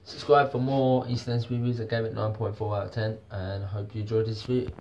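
A man's voice: on the low side, level tone, a little fast, darkish tone, dull audio, a little hiss or hum. A man giving a casual video review, rambling and repeating himself, with plenty of fillers. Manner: rambling, repetitive, lots of fillers. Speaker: TV soap reviewer.

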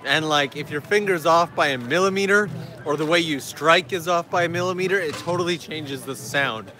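Out in a park, a man walks and keeps up a casual live-stream chat, responding to viewers' questions. His fairly high voice is brisk, bright and forceful.

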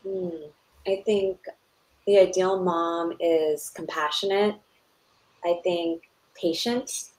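A woman's voice: on the low side, fairly even intonation, slow, darkish tone, poor audio. A woman in her thirties hosting a conversational interview, enthusiastic and personal. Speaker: host.

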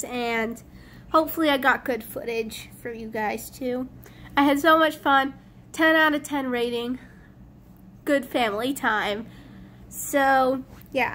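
Woman vlogger, high bright-pitched voice, chatty and upbeat, handheld camera, faint ambient noise. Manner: chatty and upbeat, self-deprecating. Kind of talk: casual travel vlog. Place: hotel suite and outdoors.

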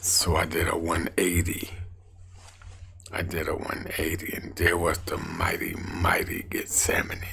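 Gravelly low-voiced man testifying in hushed tones. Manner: hushed, half-whispered storytelling with sudden emotional lifts. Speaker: street evangelist. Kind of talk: personal testimony.

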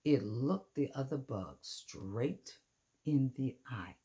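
An older woman reading a children's picture book aloud in a gentle, expressive way, pausing to point out the pictures. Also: extremely low pitch. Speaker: storyteller.

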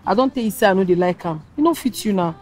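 A woman's voice: mid-range voice, animated, quick pace, darkish tone, faint music behind. A young woman with a Nigerian accent, teasing and complaining in film dialogue. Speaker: pregnant girlfriend.

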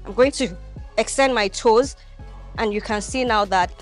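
A woman's voice: a little high, normal speed, faint music behind. A young woman vlogging her workout in a gym, coaching viewers with energy as she demonstrates the exercises. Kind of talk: instructional workout vlog.

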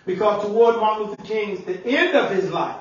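A man preaching a sermon as pastor, animated and conversational, sometimes shouting and laughing. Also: sits high, fairly quick. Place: church sanctuary. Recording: echoey church room, mic at distance, dull sound.

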